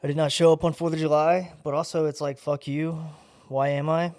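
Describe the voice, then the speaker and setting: A man's voice: fairly high pitch, level tone, fairly quick, a little mellow, no echo, clean studio sound. A young man from Georgia co-hosting a podcast in casual chat, laid-back and profane, saying "dude" often. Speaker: podcast co-host.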